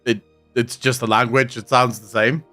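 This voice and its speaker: Man, afrikaans accent, south african streamer, casual live chat, swears freely, mid pitch. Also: level tone, moderate pace, bright, forceful tone, soft background music. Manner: chatty and profane, replies to chat comments.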